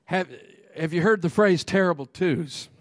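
In a dry, studio-quality recording, a man with a high-sitting voice preaches at a moderate pace. His sermon is animated and full of funny stories; he laughs often and calls out to the congregation.

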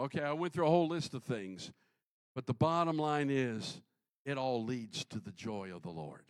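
A middle-aged male pastor preaching a sermon, swinging from loud exclamations to quiet asides. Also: mid-range voice, expressive, moderate pace, clean tone, no echo.

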